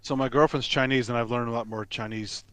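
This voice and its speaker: A man chatting on a video call, animated and often repeating words as he talks. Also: medium pitch, brisk, clear, resonant tone, no room sound. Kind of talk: casual chat.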